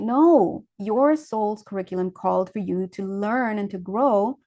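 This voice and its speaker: A woman giving a casual spiritual tarot reading, rambling and correcting herself as she goes, with lively asides. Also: medium pitch, unhurried, hardly any pauses. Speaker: spiritual reader.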